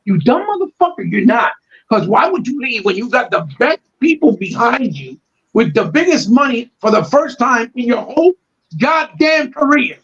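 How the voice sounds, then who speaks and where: A man with a very high voice rants on a podcast, swearing freely and getting fired up as he goes. The sound is dull and lo-fi, as if the treble has been cut away. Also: big pitch swings, moderate pace, fairly bright tone. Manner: profane, fired-up, ranting. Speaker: podcast co-host. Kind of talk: heated casual podcast rant.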